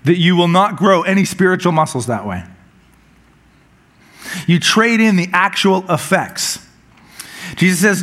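A man with a notably high voice preaches in an easygoing, conversational way. He mixes scripture with light humor and often stumbles over a word and repeats it as he restarts a phrase. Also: big pitch swings, measured pace, long pauses, a bit bright. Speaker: pastor. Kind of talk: sermon.

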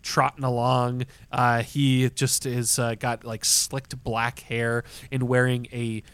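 A man narrating as game master of a tabletop role-playing game, describing scenes at length with many fillers and pauses. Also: medium pitch, little pitch movement, a bit bright, clean tone, dry recording.

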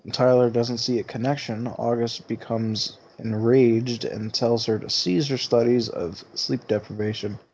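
A man co-hosts a podcast and retells a movie plot in a relaxed, chatty way. He swears casually and laughs often. The audio is slightly dull and lo-fi. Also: medium pitch, a little slow, few pauses, a little hiss or hum. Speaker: podcast co-host.

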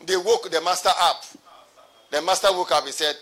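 A man's voice: fairly high pitch, moderate pace, pushed and bright. A pastor preaching a sermon to his congregation, repeating his phrases and calling for responses.

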